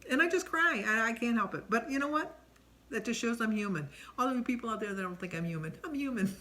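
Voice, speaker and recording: A woman's voice: fairly high pitch, expressive, fast, sharp tone. A middle-aged woman chatting casually on camera while answering a tag questionnaire, rambling with lots of ums. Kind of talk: casual chat.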